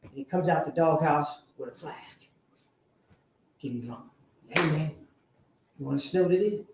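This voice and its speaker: A man telling his recovery story to a live audience, animated and sometimes shouting. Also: on the high side, measured pace. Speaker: speaker sharing a recovery story. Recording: very echoey room, faint noise.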